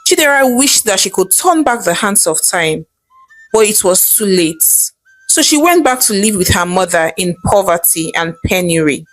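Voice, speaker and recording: A woman narrating a folktale in an expressive, measured storytelling manner. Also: mid-range voice, no room sound, poor audio.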